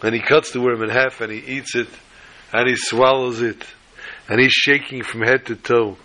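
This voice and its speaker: Bright-voiced animated male preacher. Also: mid-range voice, moderate pace, poor audio. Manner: animated, chuckling, quotes Hebrew sources. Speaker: Torah teacher. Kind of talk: sermon with storytelling.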